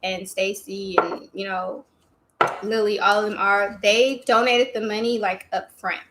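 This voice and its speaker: A woman co-hosting a casual beer tasting chat, blunt, swearing freely and animated. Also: mid-range voice, unhurried, very noisy. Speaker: co-host of a beer tasting stream.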